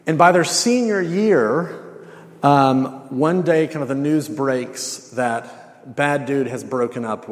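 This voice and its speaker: A man preaches in a loose, conversational way, drifting into casual slang as he tells his stories. His voice sits at an ordinary middle pitch. A long reverb trails behind him, as in a large hall. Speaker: campus minister. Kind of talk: sermon.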